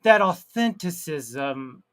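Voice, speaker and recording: He's hosting a live stream, speaking casually with a fairly high pitch and lively intonation. Between reading viewer comments aloud and laughing at his own jokes, he stretches words and bursts out loudly without warning.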